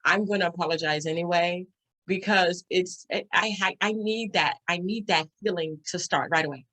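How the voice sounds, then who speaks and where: A woman hosting a podcast interview, talking in an animated, chatty way with quick bursts and frequent laughs. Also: on the low side. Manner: animated, talks fast, laughs often. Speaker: podcast host. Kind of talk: casual interview chat.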